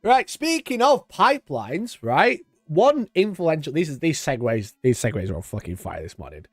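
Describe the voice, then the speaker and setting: A man's voice: on the high side, sing-song, moderate pace, no echo, studio quality, soft background music. A man in his twenties hosting a live stream, chatting in a rambling, sweary way and laughing often. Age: 20s. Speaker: livestream host. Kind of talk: casual live-stream chat.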